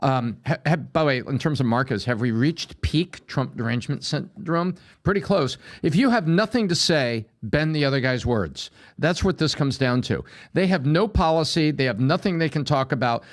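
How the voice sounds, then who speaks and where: A man's voice: a little high, lively intonation, normal speed, hardly any pauses. A man on a podcast panel argues with a slightly raised voice. He presses his points emphatically and lifts his voice as he drives them home. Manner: emphatic, builds to forceful points. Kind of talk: casual panel discussion.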